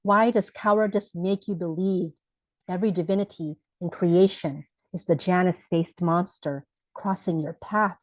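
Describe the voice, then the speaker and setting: A woman's voice: on the low side, normal speed, no room sound, low-quality recording. Woman giving a lyrical, dramatic poetry reading. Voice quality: expressive, lyrical delivery. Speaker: poet reading her work.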